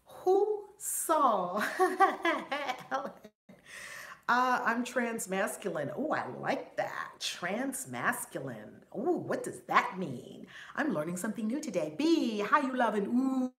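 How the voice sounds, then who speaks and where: A woman reverend hosting a live stream, warmly greeting chat viewers one by one in an effusive, upbeat way. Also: on the high side, very animated, slow pace. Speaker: reverend and spiritual teacher. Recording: roomy echo, faint background noise.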